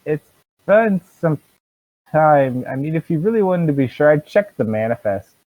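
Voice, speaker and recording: A man's voice: on the high side, big pitch swings, moderate pace, no echo, narrow, tinny audio, pitched above the performer's own voice. Man doing fretful paladin jailer, chatty, full of ums, dry close sound. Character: anxious, friendly male jail guard paladin.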